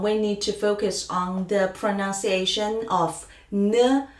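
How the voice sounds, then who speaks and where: A woman teaching Chinese pinyin, drawing out sounds and singing the tones in a slow drill. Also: medium pitch, fairly even intonation, reverberant.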